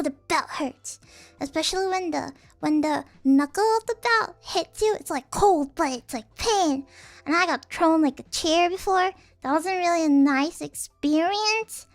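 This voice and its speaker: A young woman streaming casually, rambling and giggling, acting out the people she quotes. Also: high voice. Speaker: vtuber streamer.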